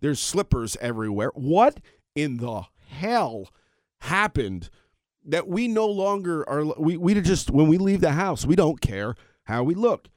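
A man's voice: a little high, big pitch swings, a little slow, dry recording, clean studio sound. A middle-aged man hosting his own podcast, ranting in a casual, rambling way with self-aware asides. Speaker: podcast host. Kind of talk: casual solo podcast rant.

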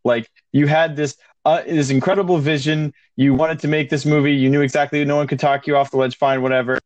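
A man's voice: fairly high pitch, level tone, a little fast, no room sound. Laid back guy chatting on a podcast, kinda dull lo-fi audio. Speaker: podcast co-host. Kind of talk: casual chat. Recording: dull lo-fi sound.

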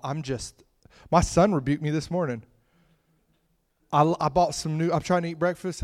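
A middle-aged man preaching a sermon in a conversational, storytelling way, with laughing asides and swings from loud bursts to hushed remarks. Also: a little high.

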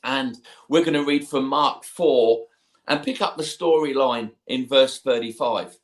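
A man's voice: mid-range voice, measured pace. A man preaching a sermon, retelling a scripture story in a conversational way, with personal asides.

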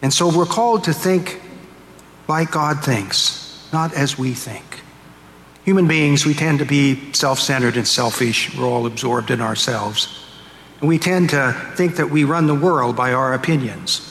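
A male pastor preaches a homily in a storytelling manner, voicing the figures as he goes. His mid-pitched voice rings out in a large church with long reverb. Faint ambience sits behind him. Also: unhurried, fairly bright tone, slight background noise. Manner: storytelling, acts out quotes. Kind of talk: sermon.

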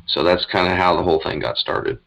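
A man's voice: low voice, brisk, gravelly, a bit bright, poor audio. A middle-aged man, a health coach, telling his story in a rambling, earnest way, with many fillers and restarts. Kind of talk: casual interview storytelling.

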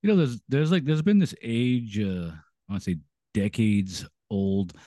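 A man's voice: fairly low pitch, a little slow, dark tone, dry recording, clean studio sound. A man co-hosting a casual beer podcast, rambling with many restarts. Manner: rambling, full of restarts and "you know". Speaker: podcast co-host. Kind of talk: casual chat.

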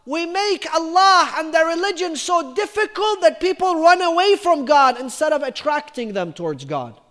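A man giving a storytelling religious lecture, emphatic and repetitive, dropping his voice low for quoted lines. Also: very animated, moderate pace, a bit bright. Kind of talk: storytelling sermon. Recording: reverberant lecture hall.

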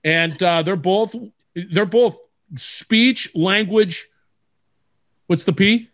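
A man hosting a podcast interview, playful and jokey in an upbeat, animated way. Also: sits high, extremely slow. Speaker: podcast host.

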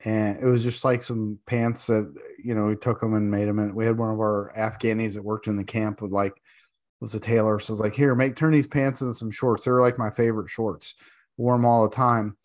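A man, a military veteran, telling a war story in casual chat, animated and profane, laughing as he talks. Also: lowish voice, brisk.

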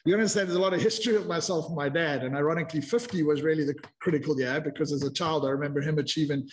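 A man's voice: a little high, very fast, a little hiss or hum. A man in his fifties, a podcast guest telling his story in a candid, reflective way with frequent restarts. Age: 50s. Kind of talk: casual interview chat.

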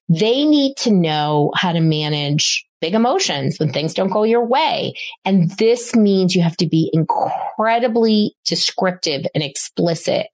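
A woman's voice: fairly low pitch, no echo. A middle-aged woman hosting a parenting podcast, giving casual advice with emphatic enthusiasm and repeating words for stress.

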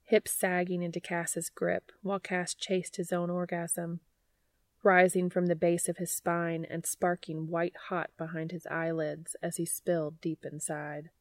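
Podfic narrator: woman, low-pitched, dry close recording, even and unhurried delivery. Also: no echo. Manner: even, unhurried, quiet reading. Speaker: podfic reader. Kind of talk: audiobook narration of fan fiction.

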